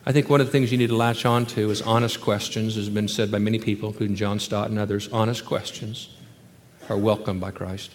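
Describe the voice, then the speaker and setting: A man preaching a sermon, emphatic, with rhetorical questions and sudden drops into hushed, quiet passages. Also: lowish voice, fairly even intonation, fairly quick, long reverb tail, a little hiss or hum. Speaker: pastor.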